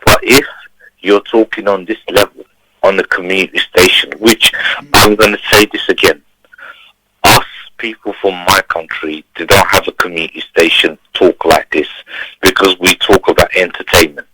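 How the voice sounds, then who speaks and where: A man's voice: sits low, fairly even intonation, normal speed, pushed and bright, slight background noise, low-quality recording. A man calling in to a community radio talk show, ranting emphatically and repeating himself. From Turkey. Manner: emphatic, repetitive, preachy. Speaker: caller. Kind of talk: impassioned phone-in rant.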